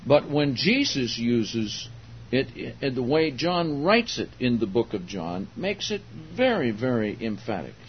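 Older male preacher, slow and deliberate, leaning hard on key words; dull lo-fi sermon tape with faint hiss. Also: mid-range voice, big pitch swings. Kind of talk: sermon, Bible teaching.

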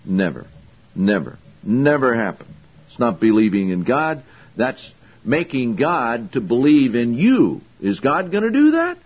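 A male preacher delivers a sermon in a husky voice with a lively, swooping pitch. He is blunt and confrontational and fires off rhetorical questions. The recording is slightly dull and lo-fi. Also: a little slow. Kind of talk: sermon, Bible exposition.

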